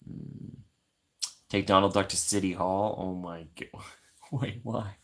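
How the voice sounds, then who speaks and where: Low-voiced male streamer, laid-back and chatty, answers his chat from home. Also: fairly even intonation, slow pace, fairly bright tone. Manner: rambling, laughs often, talks to chat. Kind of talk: casual livestream chat.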